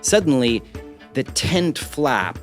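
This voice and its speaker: A man running a tabletop game, narrating scenes in a lively, casual storytelling way. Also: medium pitch, takes it slowly, faint music behind. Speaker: game master.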